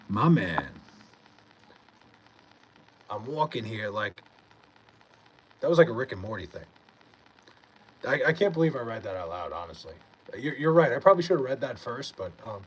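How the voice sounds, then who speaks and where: Young man from New York, live-stream host, mid-pitched, easygoing and foul-mouthed, faint background hum. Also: poor audio. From Long Island, New York. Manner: reads viewer messages aloud, laid-back, swears freely. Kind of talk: casual live-stream chat Q&A.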